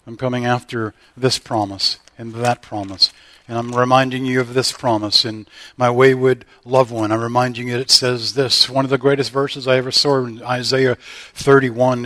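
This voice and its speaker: A man's voice: medium pitch, a bit bright. A male pastor delivers a sermon in an ordinary mid-range voice. He preaches with repeated declarations and call-and-response questions to his congregation. The sound is dry and close, with little room echo.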